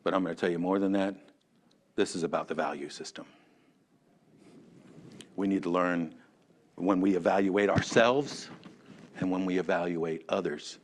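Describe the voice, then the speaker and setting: Low-voiced man teaching Sunday school. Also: moderate pace, pauses often, a little hiss or hum. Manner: animated, chatty, calls on class members by name. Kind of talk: conversational sermon. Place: church classroom.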